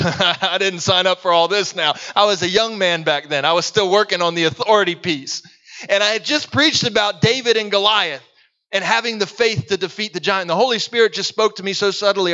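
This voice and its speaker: A man preaching a sermon, telling stories earnestly and sometimes dropping to a hushed, intense voice. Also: high voice, a little fast, dull audio.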